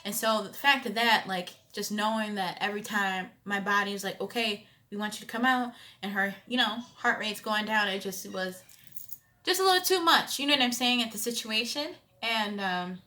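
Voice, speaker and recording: Bright-voiced woman telling a storytime vlog. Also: medium pitch, moderate pace. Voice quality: expressive, conversational, loud emphatic bursts. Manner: animated storytelling with frequent "you know what I'm saying". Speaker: vlogger.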